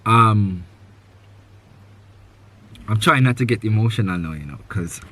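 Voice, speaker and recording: This podcast host has a lowish, animated voice with a bright, forceful tone and a measured pace. On a live show, he gives a guest earnest advice in loose sentences, repeating his main points and stuffing his talk with "you know."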